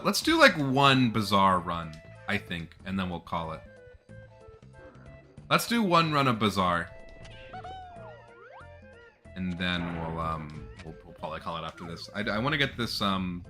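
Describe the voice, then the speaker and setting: A man chatting and joking through a gameplay session in a bright, forward voice. His pitch sits a little low but swings widely. There is faint music underneath. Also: moderate pace, long pauses. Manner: chatty, jokey, animated. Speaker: gameplay streamer. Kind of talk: casual gameplay commentary.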